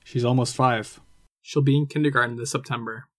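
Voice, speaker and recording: A man reading aloud, voicing a tired father who speaks calmly and firmly. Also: mid-range voice, a little fast, dry recording, studio quality, natural voice. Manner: calm, level, tired. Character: weary adult man, calm and firm.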